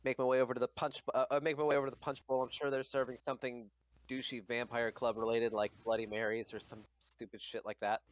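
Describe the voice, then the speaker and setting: A man's voice: mid-range voice, little pitch movement, quick pace. A man playing a tabletop game, describing his character in a rambling way with many restarts. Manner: rambling, full of restarts and fillers. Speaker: player. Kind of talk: casual tabletop game chat.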